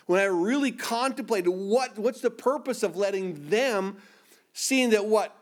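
A man's voice: sits high, lively intonation, normal speed. A man preaching a sermon, emphatic and repetitive, acting out the voices of scripture figures.

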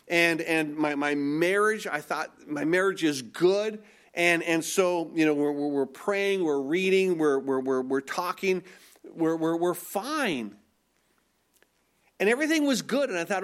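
Male pastor, sermon delivery, emphatic and earnest, slightly high voice, repeats phrases. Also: normal speed. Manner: earnest, emphatic preaching with rhetorical questions and repetitions.

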